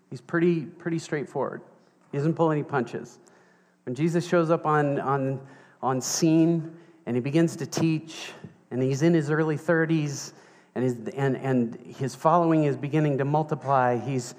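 A man preaching a sermon as pastor, playful and animated as he tells a story. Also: medium pitch. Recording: reverberant hall with music underneath.

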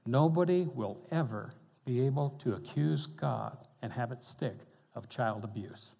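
A man's voice: mid-range voice, a little slow, gravelly, hardly any pauses. An older man, a pastor telling stories in a folksy, conversational sermon, chuckling between points. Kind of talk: storytelling sermon. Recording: dull reverberant hall sound.

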